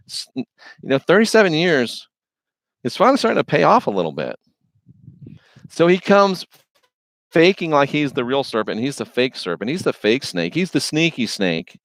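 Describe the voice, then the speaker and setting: A man hosts a religious video, preaching in an informal monologue that's folksy, slangy and conversational, yet emphatic and repetitive. His voice is on the low side, and the recording is dry.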